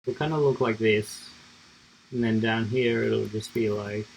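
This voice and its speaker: A man's voice: fairly low pitch, fairly even intonation, a little slow, gravelly, slight background noise, low-quality recording. A man streaming himself coding live, thinking aloud in a rambling, casual way with lots of fillers.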